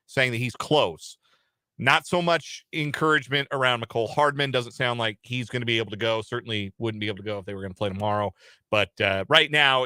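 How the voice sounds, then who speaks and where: A man's voice: medium pitch, pushed and bright, clear, resonant tone, dry recording. A man co-hosting a sports radio show, easygoing and laughing often in casual chat, then plain and informative when giving football news. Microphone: studio microphone.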